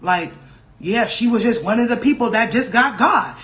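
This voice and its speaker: A young woman telling a casual storytime vlog, profane and animated, repeating herself and acting out what other people said. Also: fairly high pitch, normal speed. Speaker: vlogger.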